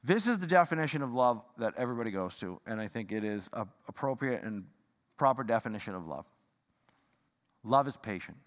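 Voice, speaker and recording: A man preaching a sermon in a fired-up, rambling way, swinging from loud bursts to hushed talk. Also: medium pitch, expressive, fairly quick. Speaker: pastor. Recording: long hall reverb.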